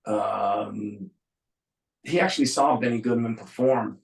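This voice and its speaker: A middle-aged San Francisco man with a lowish voice and vocal fry takes his time as a musician guest in a casual interview. Relaxed and dryly funny, he says um a lot. The recording is low quality, with a noticeable room echo.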